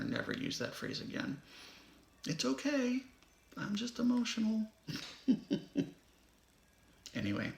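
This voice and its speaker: A man's voice: mid-range voice, gravelly, a bit bright. A man giving a rambling, casual spiritual talk to his viewers, often checking in with "right?". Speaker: spiritual vlogger. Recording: roomy echo.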